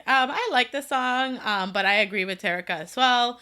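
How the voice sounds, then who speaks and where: A woman's voice: fairly high pitch, moderate pace, few pauses, pushed and bright, clean tone. A woman co-hosting a casual pop music podcast, gushing about songs with lots of filler words. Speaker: podcast co-host. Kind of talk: casual chat.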